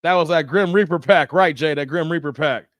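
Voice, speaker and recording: Man, live stream host, casual banter, frequent laughter, high-ish voice, dry close sound. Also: a little fast, fairly bright tone, dry recording. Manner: laughs often, loose joking banter with chat. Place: Las Vegas.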